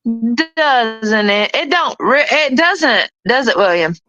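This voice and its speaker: Taunting, lively-voiced woman streamer. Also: sits high, measured pace, dull audio, soft background music. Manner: taunting, profane, laughing at chat. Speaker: livestream host. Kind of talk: casual livestream chat.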